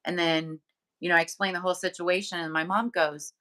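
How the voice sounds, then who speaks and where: A woman's voice: on the low side, fairly even intonation, brisk, bright, forceful tone. A woman co-hosting a casual talk show, telling a personal story with lots of fillers and acting out the voices of people she quotes. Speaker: medium and podcast co-host.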